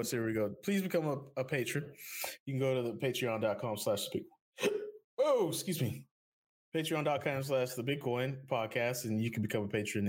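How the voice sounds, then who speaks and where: Joking, animated male podcast host. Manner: joking, animated, big pitch swings; rambling ad reads. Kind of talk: casual podcast chat.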